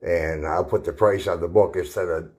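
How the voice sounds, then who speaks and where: A man's voice: low-pitched, fairly even intonation, moderate pace, darkish tone, breathy edge. A man hosting a paranormal livestream, chatting casually while walking around indoors in an old house. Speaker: paranormal show host.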